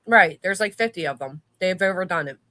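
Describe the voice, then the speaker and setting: A woman's voice: fairly low pitch, lively intonation, a little fast, sharp tone, no echo, clean studio sound. A woman hosting a livestream, chatting casually and swearing freely. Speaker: stream host. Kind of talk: casual chat.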